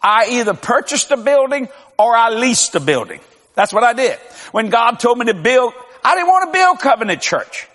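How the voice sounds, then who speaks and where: An older man, a pastor, preaching with lively storytelling, acting out dialogue and laughing often. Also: very high-pitched, normal speed, big-room sound. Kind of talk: sermon.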